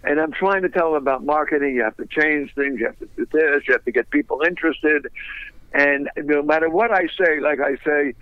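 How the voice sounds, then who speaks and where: Older man, lively raconteur, dull dry sound. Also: a little high, fairly quick, dry recording. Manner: lively raconteur, laughs through his stories. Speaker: guest. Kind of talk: anecdotal storytelling in a radio interview.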